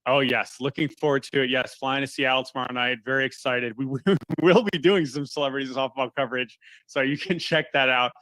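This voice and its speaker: A man talking baseball as a guest on a sports radio show, animated and often restarting his words, calling in by phone. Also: medium pitch, a little fast, dry recording. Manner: animated, repeats words when starting thoughts. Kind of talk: casual sports radio chat. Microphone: phone line call-in.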